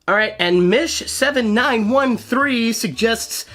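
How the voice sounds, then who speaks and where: A man's voice: very high voice, takes it slowly, few pauses, a bit bright, faint music behind. A young man and voice actor hosting a casual chatty video in a playful, giggly way. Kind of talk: casual chat.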